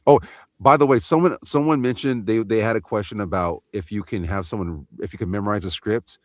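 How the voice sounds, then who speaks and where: A man's voice: fairly low pitch, brisk, no echo. A man from East Los Angeles, a voice actor on a panel, talking in a casual, slangy way with lots of "you know what I'm saying". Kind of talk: panel discussion.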